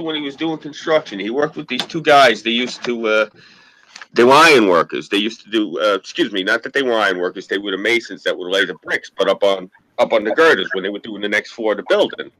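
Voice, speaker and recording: A man's voice: medium pitch, brisk, a bit bright, no echo, low-quality recording. A man telling rambling, profane anecdotes in a casual chat, acting out what people said. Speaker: podcast co-host.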